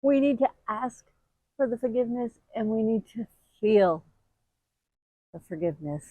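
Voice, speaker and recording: A middle-aged woman giving heartfelt advice straight to camera, earnest and emotional, with sudden expressive bursts. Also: fairly high pitch, moderate pace, no room sound, phone-quality sound. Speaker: grief video host.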